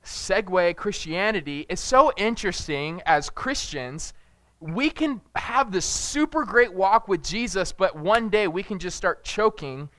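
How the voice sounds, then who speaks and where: A young man preaching a casual sermon, telling rambling, jokey family stories and loudly acting out moments of panic. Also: high-pitched, lively intonation, measured pace, dry recording. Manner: jokey, rambling storyteller who shouts acted-out panic. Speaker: pastor.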